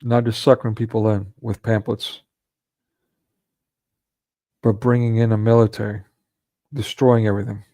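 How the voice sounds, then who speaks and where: A man's voice: lowish voice, flat delivery, normal speed, long pauses, dark tone, dry recording. A man delivering a ranting monologue commentary, sarcastic and scornful, breaking into mocking laughs.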